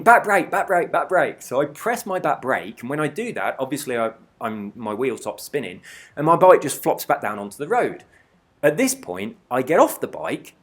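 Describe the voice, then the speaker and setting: Animated man in his forties. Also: mid-range voice. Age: 40s. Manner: animated, swears freely, laughs through stories. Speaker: gaming channel host. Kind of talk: casual storytelling over gameplay.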